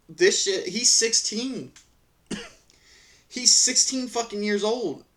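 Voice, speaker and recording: A man with a somewhat high voice rants through casual reaction commentary on online stories. He swears freely and gets heated, often stopping and restarting his sentences as he rambles. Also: a bit bright. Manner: profane, heated ranting. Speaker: Reddit story reader and commentator.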